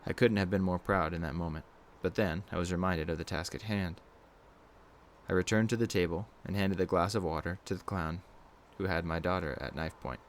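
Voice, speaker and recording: A man giving a steady, measured first-person reading of a scary story as the channel's narrator. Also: low voice, a little hiss or hum. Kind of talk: scripted horror narration.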